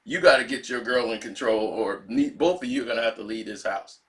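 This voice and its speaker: A man voicing a calm, cool athlete who lays down the law in a low, steady voice. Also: brisk, natural voice. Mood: firm. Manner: low, laid-back and steady. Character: famous basketball player, calm and cool man.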